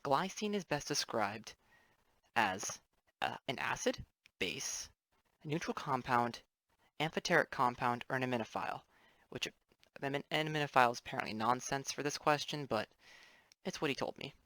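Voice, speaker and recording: A man's voice: medium pitch, animated, normal speed, pushed and bright, no room sound. A young man, a student, giving a casual explainer lesson over his drawings, rambling with offhand apologetic asides. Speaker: student presenter.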